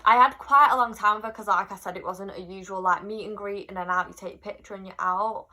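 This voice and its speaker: Bright-voiced young woman, chatty. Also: medium pitch, fast talker. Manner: chatty, animated retelling with quoted voices. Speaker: vlogger. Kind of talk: casual storytime.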